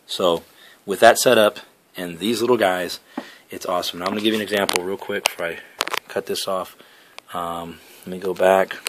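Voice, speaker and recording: A man's voice: low voice, fairly bright tone. A man giving a casual, step-by-step walkthrough of game console audio settings, repeating his points with plenty of fillers. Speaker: gaming headset reviewer. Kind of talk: casual tutorial talk to camera.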